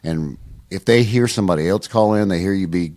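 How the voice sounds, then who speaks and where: Deep-voiced laid-back man. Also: a little fast, darkish tone, dry recording, clean studio sound. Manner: laid-back, laughs easily. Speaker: radio morning show host, guest. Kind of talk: casual interview chat.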